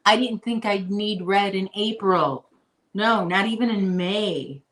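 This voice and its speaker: Speaking slowly in a fairly bright tone, this Chicago-area woman crochets on camera and rambles chattily to her live audience, switching to a high baby voice for her puppy. The sound is roomy and the recording quality is poor.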